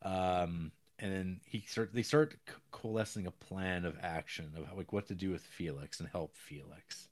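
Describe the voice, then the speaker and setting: A man's voice: deep voice, normal speed, few pauses. A man co-hosting a podcast, casually recapping a film in a rambling way and acting out lines. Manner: rambling recaps with acted-out quotes and laughs. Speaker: podcast co-host.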